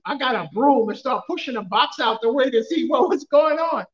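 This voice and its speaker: A man with a high voice preaches a sermon, mixing funny stories and laughter with shouted questions to his congregation. The sound is roomy and a little muffled, as if taken from the back of a church. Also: lively intonation, moderate pace. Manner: storytelling, humorous, laughs often. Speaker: pastor.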